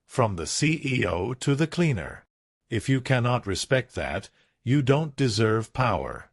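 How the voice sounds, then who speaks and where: A man voicing a firm, commanding male company boss who speaks with measured authority in a storybook. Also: medium pitch, big pitch swings, creaky, breathy edge, no echo, clean studio sound, heavily acted. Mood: warm, firm.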